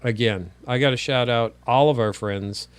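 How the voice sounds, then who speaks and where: A man's voice: medium pitch, normal speed, clean tone, no echo. A man co-hosting a casual political chat show, rambling and sarcastic with sudden exclamations. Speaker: co-host.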